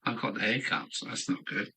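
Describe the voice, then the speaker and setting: A man's voice: lowish voice, pushed and bright, low-quality recording. An older man from England, musing aloud to himself in a rambling live-stream chat from his home hobby room. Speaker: model railway streamer.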